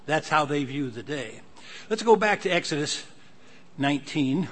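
An older man delivers a sermon in a slightly higher voice than most men. He talks through the passages in an easy, conversational way, then reads the verses aloud with building force. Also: expressive, moderate pace. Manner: conversational Bible teaching, reads scripture aloud with rising emphasis. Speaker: preacher.

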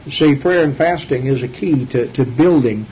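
A man teaching a sermon from the Bible, earnest and halting, with many fillers and restarts. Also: medium pitch. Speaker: preacher. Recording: dull lo-fi sermon recording with faint hiss.

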